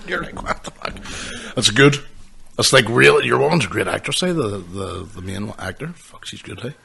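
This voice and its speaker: A man's voice: lowish voice, lively intonation, normal speed, gravelly, sharp tone, husky. A man chatting casually as a podcast co-host, rambling and swearing freely. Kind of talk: casual chat.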